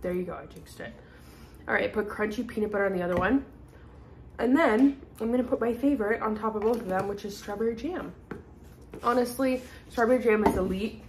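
A young woman talks to her phone camera at arm's length in a loose, chatty vlog style. Her voice sits at a middle pitch, and she wanders from thought to thought, filling the gaps with "like" and "um". Faint room ambience sits behind her. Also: darkish tone, slight background noise. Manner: rambling, fillers like "like" and "um". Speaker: vlogger. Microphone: handheld phone at arm's length.

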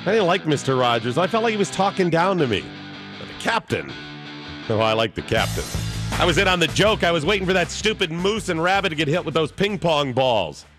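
A man's voice: fairly high pitch, quick pace, music in the background. A man hosting a talk radio show, joking and chatty with callers and guests. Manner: animated, joking.

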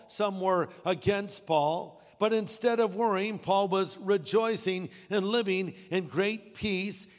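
A man preaching a sermon, lively and jokey, acting out little characters as he explains scripture. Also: high voice. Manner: animated, jokey, acts out characters. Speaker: pastor. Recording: long hall reverb.

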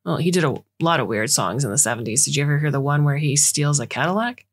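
A woman voicing an evasive, scheming middle-aged father who talks in a gruff, offhand way. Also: sits low, fast talker.

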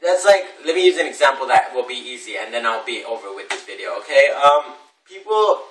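Animated male vlogger with a bright, forceful voice, heard from a distance in an echoey room. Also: mid-range voice, a little fast. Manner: animated, acts out voices of others. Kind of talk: casual advice vlog. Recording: echoey room, distant from mic, faint noise.

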